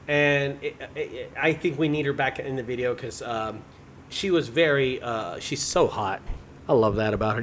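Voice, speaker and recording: A young man casually telling his viewers a story in an animated, dramatic way, with sudden loud bursts. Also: a little high, a little hiss or hum. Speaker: junk removal business owner.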